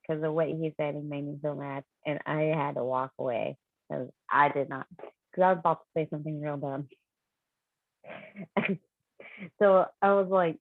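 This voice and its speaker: A woman sharing a story on a coaching video call, animated and laughing as she talks. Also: sits low, moderate pace, gravelly, pauses often, no room sound, narrow, tinny audio. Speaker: coaching client.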